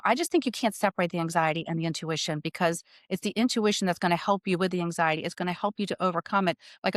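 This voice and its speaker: A woman's voice: mid-range voice, no echo. Earnest woman telling her story, dry sound. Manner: earnest storytelling, often asks "right?". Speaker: podcast co-host and spiritual medium. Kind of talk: casual spiritual chat.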